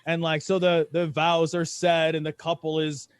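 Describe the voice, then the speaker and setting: A man with a fairly high voice tells a long, rambling comic story and keeps breaking into laughter. He is recorded dry and close on a podcast mic. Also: completely flat delivery, moderate pace, clear, resonant tone, no room sound. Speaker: podcast co-host. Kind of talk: casual comedic chat.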